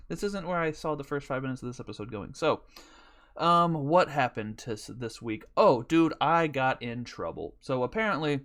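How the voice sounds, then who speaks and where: A man's voice: medium pitch, lively intonation, normal speed, fairly bright tone. A man hosting his own podcast, rambling through casual stories with lots of swearing. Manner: rambling and profane, with laughs. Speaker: podcast host. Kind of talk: casual storytelling chat.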